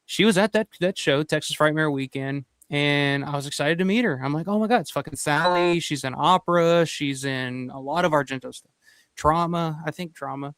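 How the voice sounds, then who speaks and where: A man's voice: on the high side, moderate pace, a bit bright, clear, resonant tone, dry recording. A man hosting a casual live-stream chat, talking loosely with lots of swearing and fillers like "like" and "you know". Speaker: host.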